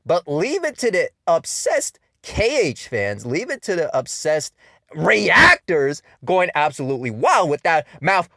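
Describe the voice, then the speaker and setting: A man's voice: fairly high pitch, wildly swooping pitch, measured pace. A man giving an angry, profane rant about video games, full of exasperated "you know" and "man". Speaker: video game commentator. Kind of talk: angry ranting commentary.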